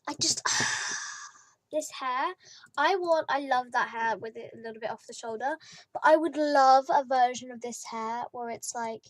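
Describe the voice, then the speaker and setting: A woman's voice: high-pitched, a little slow, no echo. A young British woman giving rambling, chatty commentary over her video game, filling gaps with "like" and trailing into whispers. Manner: rambling, chatty, lots of "like" fillers. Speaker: gaming YouTuber. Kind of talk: casual let's-play commentary.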